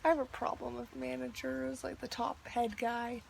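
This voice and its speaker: A woman's voice: sits high, level tone, normal speed, gravelly, a little hiss or hum. A young woman ranting in a video diary, chatty and exasperated, with lots of "like". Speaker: vlogger.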